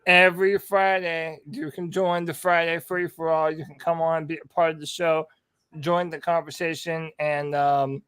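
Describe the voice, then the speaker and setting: A male podcast co-host with a smooth, clear voice pitched a little high. He talks in a brash, joking way and recorded dry and close. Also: flat delivery, fairly bright tone, no echo. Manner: brash, joking, quick promo delivery. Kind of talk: casual chat.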